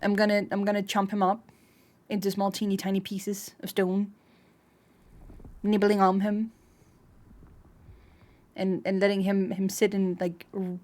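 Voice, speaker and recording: A woman streamer plays a game live, shrieking, swearing and laughing, then chats with her viewers, reading and answering their messages as she gives gameplay commentary. Her mid-range, slightly mellow voice has a totally flat delivery, a measured pace and long pauses.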